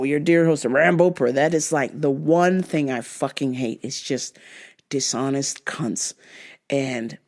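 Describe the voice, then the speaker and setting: A woman's voice: low-pitched, a little mellow. A woman hosting a casual commentary podcast, blunt and profane, ranting about what she watched and laughing often. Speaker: podcast host.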